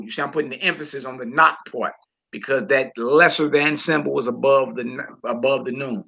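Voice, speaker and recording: Gravelly guy teaching a laid-back lesson, punchy voice, slow repeats of every word, muffled lo-fi sound. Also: mid-range voice, steady tone, pushed and bright. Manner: repeats and slowly drawls each word. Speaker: Hebrew teacher. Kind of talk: casual homeschool lesson.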